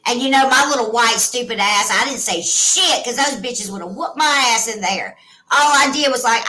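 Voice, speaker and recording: A woman's voice: on the high side, normal speed, bright, forceful tone, low-quality recording. A woman telling a personal story in casual chat, blunt, swearing freely and emotional.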